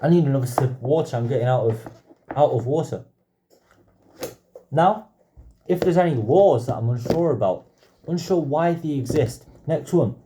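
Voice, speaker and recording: Man, book vlogger, wry chatty delivery, warm mellow tone, faint background hiss. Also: medium pitch. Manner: wry, chatty, reads titles aloud. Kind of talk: casual book haul commentary.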